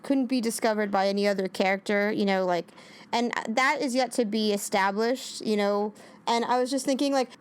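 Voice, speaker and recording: A woman's voice: on the high side, clean tone. A woman co-hosting a casual TV recap, rambling with many restarts and frequent laughs. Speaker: co-host.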